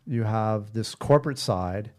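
A man's voice: on the low side, unhurried, a little mellow. A man hosting a casual chat, asking teasing questions and joking. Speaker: host.

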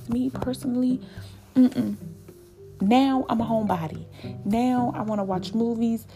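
A woman's voice: on the high side, fairly even intonation, unhurried. A woman hosting a solo podcast, giving her candid opinion in an emphatic way and repeating points for stress. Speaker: podcast host. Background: guitar music.

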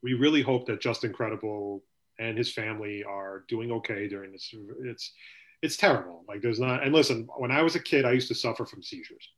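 Here a man hosts a laid-back sports podcast, rambling along with swearing and plenty of "you know" filler. His voice is mid-range and he talks a little fast.

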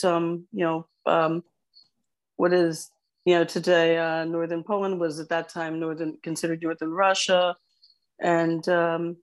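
A woman co-hosting a casual family podcast with her son, rambling and wandering off topic. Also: on the low side. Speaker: co-host, mother.

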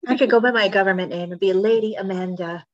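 A woman chatting casually as a podcast co-host, wry and laughing, with quick teasing asides. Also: mid-range voice. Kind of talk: casual chat. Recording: slightly dull, muffled audio.

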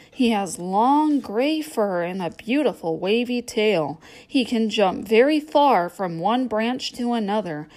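A woman's voice: mid-range voice, darkish tone. A woman reading a children's storybook aloud as a playful guessing game.

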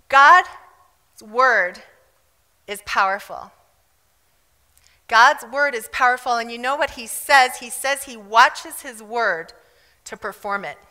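Fervent woman preacher in a reverberant hall. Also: high voice. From South Africa. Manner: fervent, emphatic preaching with bursts of loud declaration. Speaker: pastor. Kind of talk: sermon.

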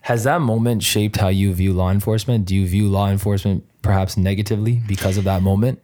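Quick, deep-voiced male interviewer with direct, probing questions. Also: fairly even intonation, warm tone. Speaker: interview host.

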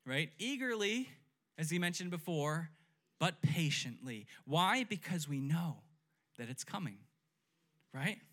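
Young adult male pastor, slightly high voice, chatty sermon, keeps asking "right?", leads call-and-response. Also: animated, measured pace, long pauses, fairly bright tone. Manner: conversational, often asks "right?".

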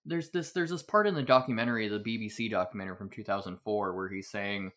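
A man on a casual podcast, telling stories in an animated way and acting out what others said. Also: fairly low pitch, quick pace, hardly any pauses. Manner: animated storyteller, acts out quotes. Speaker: podcast guest.

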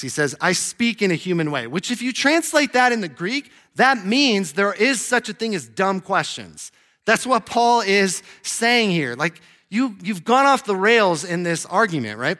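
A young adult male pastor preaching a sermon in a conversational, animated way, acting out quoted voices. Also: high voice.

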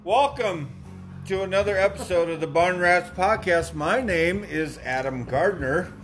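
A young adult man hosting a podcast, joking loudly and swearing in casual chat. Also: high-pitched, a little slow, soft background music. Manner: loud, joking and profane. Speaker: podcast host.

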